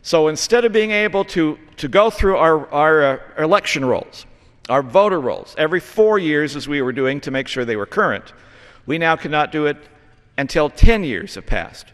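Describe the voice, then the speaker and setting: A man's voice: fairly high pitch, animated, moderate pace, fairly bright tone. Earnest congressman lecturing in an echoing chamber. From Utah, United States. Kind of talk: formal floor speech. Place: large legislative chamber. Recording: reverberant chamber sound.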